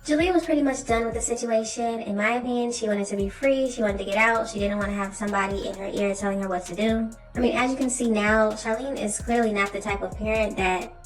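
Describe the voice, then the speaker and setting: A woman's voice: fairly high pitch, fairly even intonation, fast talker, hardly any pauses, roomy sound, recorded from a distance, soft background music, low-quality recording. A woman hosting a reaction video, giving her opinions directly to viewers. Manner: opinionated, talks straight to viewers. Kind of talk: commentary on a drama clip.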